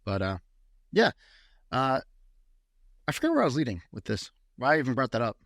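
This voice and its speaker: A man's voice: medium pitch, huge pitch swings, fairly quick, fairly bright tone, no room sound, clean studio sound. A man co-hosting a podcast in casual chat, rambling with restarts and frequent swearing. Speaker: podcast co-host.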